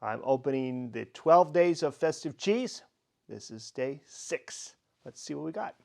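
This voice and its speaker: A man's voice: mid-range voice, animated, measured pace, creaky. A middle-aged man from Minnesota, a wine educator hosting a casual tasting vlog, telling rambling, jokey stories with fillers. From Minnesota, USA.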